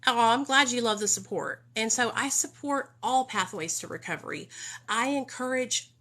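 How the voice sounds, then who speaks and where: A woman's voice: fairly high pitch, moderate pace, fairly bright tone. A young adult woman chatting casually on a live stream, talking emphatically and defensively, reading viewer comments. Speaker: vlogger on recovery.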